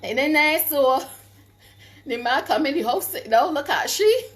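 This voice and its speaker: A middle-aged woman, telling stories in a casual vlog, animated, laughing often, and stopping to give advice. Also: sits high, measured pace. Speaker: vlogger.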